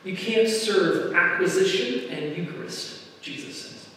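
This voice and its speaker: A pastor giving a conversational sermon to his congregation, his delivery swinging between loud emphasis and quiet asides. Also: high voice, a little slow, slight background noise. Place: church sanctuary. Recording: echoey hall, mic at a distance.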